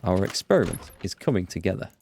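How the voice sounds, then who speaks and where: A man hosting a let's play, reading the game's dialogue aloud with quick asides to viewers. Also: creaky. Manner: reads dialogue aloud with quick asides, jumps in pitch when excited. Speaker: gaming channel host.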